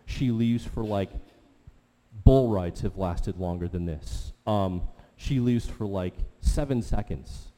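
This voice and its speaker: A man preaching a sermon, telling a story with animated swings from quiet talk to loud exclamations. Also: lowish voice, takes it slowly, long reverb tail. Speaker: pastor.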